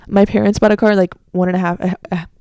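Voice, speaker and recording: Talking quickly but flatly in a mellow, medium-pitched voice, this late-teens American podcast host chats alone and rambles, peppering her speech with "like" and fixing herself mid-thought. She's strongly opinionated, and the recording is dry and studio quality.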